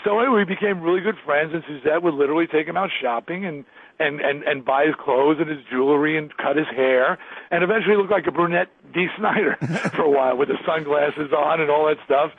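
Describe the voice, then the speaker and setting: Gravelly, husky man in his 60s on a phone line. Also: a little high, fast, no echo. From Long Island, New York. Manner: animated storyteller who acts out other people's lines and laughs often. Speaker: guest, rock musician. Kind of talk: storytelling interview. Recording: dry, tinny phone line.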